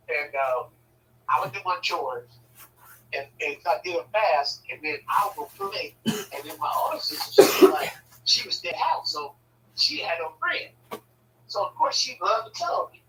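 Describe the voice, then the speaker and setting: A man's voice: sits high, big pitch swings, unhurried, long pauses, bright, forceful tone, a little hiss or hum, rough recording. A man casually telling stories about his family, swearing freely and acting out the voices of the people in them. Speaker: storyteller. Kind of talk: casual storytelling.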